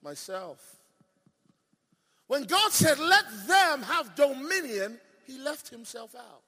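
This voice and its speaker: A man preaching with a very high, ringing voice that cuts through the space. He jumps from shouted declarations to hushed, stretched-out asides and keeps firing questions at the audience. A long hall reverb trails every phrase. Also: big pitch swings. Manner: swings from shouted declarations to low, drawn-out asides; asks the audience questions and leans on repetition. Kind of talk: sermon.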